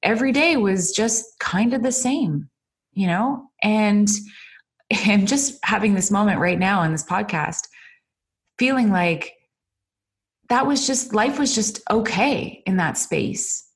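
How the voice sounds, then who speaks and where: A middle-aged woman who is a business coach hosts her own podcast from indoors at a computer, using its built-in mic. Speaking off the cuff, she delivers an earnest, emotional motivational monologue full of fillers and repeated "you guys." Her medium-pitched voice is slow with lively intonation.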